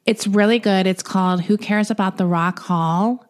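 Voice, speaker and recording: A woman's voice: mid-range voice, steady tone, moderate pace, darkish tone. A woman co-hosting a podcast, chatting casually and rambling a little as she recommends a show, laughing easily. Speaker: podcast co-host. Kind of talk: casual chat.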